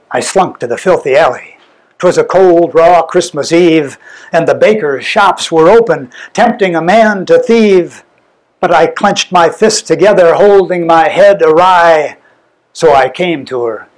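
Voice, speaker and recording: A man performing a dramatic verse recitation live, theatrical and mournful, with sudden swells and hushes. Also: fairly high pitch, low-quality recording. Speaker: bard, poetry performer.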